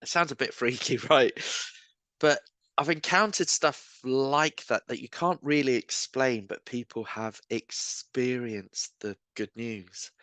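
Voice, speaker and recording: A man, a street evangelist, telling lively self-mocking anecdotes in casual chat. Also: medium pitch, a little slow, no room sound. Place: pub bar.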